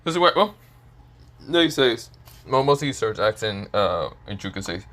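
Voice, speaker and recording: A man's voice: medium pitch, very animated, moderate pace, a bit bright. A man narrating a fan story casually, rambling with many fillers and restarts. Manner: rambling, filler-heavy, hesitant.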